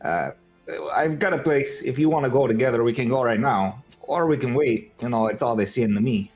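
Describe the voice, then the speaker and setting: A man's voice: mid-range voice, animated, fairly quick, a little mellow, faint music behind, close to an everyday voice. A man voicing a cheerful, teasing miner who keeps tacking "eh" onto his lines. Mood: breezy. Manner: breezy, teasing, chummy. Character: cheerful male miner who jokes and says "eh".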